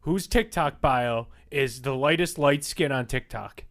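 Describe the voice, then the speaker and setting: A man's voice: medium pitch, measured pace, a bit bright. A young man co-hosting a podcast, chatting casually and telling crude jokes. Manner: crude, joking, tells dirty bar jokes. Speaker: podcast co-host.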